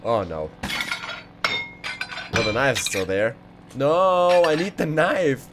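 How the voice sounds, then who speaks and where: A man giving excitable let's play commentary, exclaiming and rambling as he goes. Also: mid-range voice, takes it slowly. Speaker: gaming video creator. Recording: clear background game noise.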